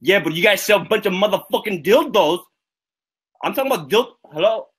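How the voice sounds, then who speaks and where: A man's voice: sits high, lively intonation, a little fast, fairly bright tone, slightly rough. A man on a livestream making an indignant, swearing prank phone call and repeating himself.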